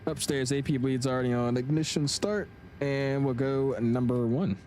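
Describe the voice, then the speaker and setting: A young man talks through his flight simulator stream in a relaxed, chatty way, calling out checklist items and greeting viewers by name. His voice is mid-pitched and easygoing. A faint hum sits behind him. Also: normal speed. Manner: laid-back, chatty, slangy, reads chat aloud. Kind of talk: casual live-stream commentary.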